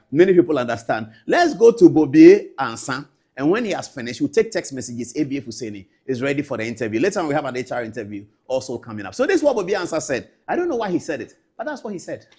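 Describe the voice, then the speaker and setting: A man's voice: on the high side, very animated, fast talker, darkish tone, breathy edge. A Ghanaian man hosting a political talk show, giving emphatic, scolding commentary.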